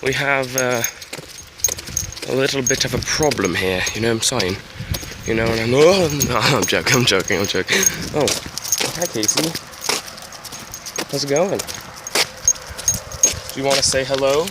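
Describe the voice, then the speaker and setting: A man's voice: medium pitch, expressive, normal speed, pauses often. A teenage boy talking casually to his camera, rambling with lots of ums and small laughs. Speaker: vlogger. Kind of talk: casual vlog talk to camera. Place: home, then outdoors by a road in heavy rain. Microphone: handheld camera. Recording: noisy outdoor recording with wind and rain. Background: wind and rain.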